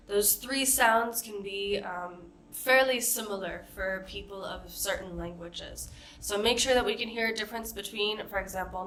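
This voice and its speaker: A woman's voice: medium pitch, a little slow, fairly bright tone, slight background noise. A woman coaching pronunciation, patiently modeling vowel sounds and example words one at a time. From United States. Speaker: accent coach. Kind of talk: pronunciation lesson.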